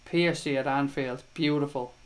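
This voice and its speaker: A man's voice: mid-range voice, fairly even intonation, normal speed, rough recording. An Irish man hosting a live fan stream, chatting casually with viewers, calling them mate and swearing freely. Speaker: livestream host. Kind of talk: casual live chat reading viewer comments.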